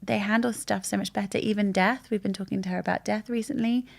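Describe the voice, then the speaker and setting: Gravelly-voiced woman in her thirties. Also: mid-range voice, fast talker. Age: 30s. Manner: open, candid and animated storytelling. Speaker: guest. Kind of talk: casual chat.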